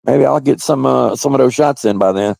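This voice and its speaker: A man's voice: medium pitch, brisk, dark tone, no echo. A man hosting a casual livestream, chatting loosely and crudely with viewers and often laughing. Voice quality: gravelly. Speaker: livestream host. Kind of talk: casual live-stream chat with viewers.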